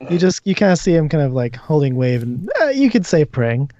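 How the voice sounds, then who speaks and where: A man running a tabletop game as game master, narrating scenes and pausing when ruling on questions. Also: a little high, sing-song, mellow, no room sound. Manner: descriptive, hesitant when ruling. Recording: dull dry audio.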